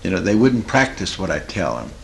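A man's voice: low-pitched, brisk, creaky, a little hiss or hum, rough recording. Folksy man telling a counseling story. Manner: folksy, earnest, animated retelling. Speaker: Christian therapist. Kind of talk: storytelling talk.

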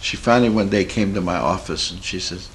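A man's voice: low voice, fairly quick, slight background noise, poor audio. A Christian therapist, a man, tells a story from his practice in a folksy, earnest way. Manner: folksy, earnest, animated retelling. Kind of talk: storytelling talk.

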